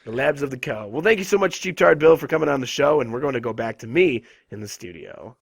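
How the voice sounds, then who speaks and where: A male show host with a hoarse, raspy voice from a lost voice, chatting and joking through a casual gaming interview. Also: medium pitch, animated, fast. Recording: echoey room, distant mic.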